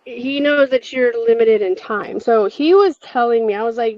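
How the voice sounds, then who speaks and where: A woman's voice: a little high, fairly even intonation, normal speed, hardly any pauses. A woman guest telling a story in a chatty way, full of fillers, restarts and laughs, over a video call. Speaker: interview guest. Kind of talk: casual spoken storytelling. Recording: dull lo-fi, dry.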